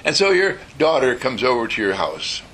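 A man giving an inspirational talk as an animated storyteller who acts out voices and laughs. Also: medium pitch, normal speed, husky.

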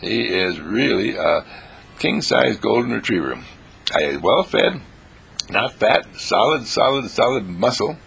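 A man with a very husky, gravelly voice gives an inspirational monologue. His pitch leaps wildly, from squeaky exclamations down to rough, low murmurs. He keeps repeating his phrases with bubbly delight. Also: big pitch swings, unhurried, fairly bright tone.

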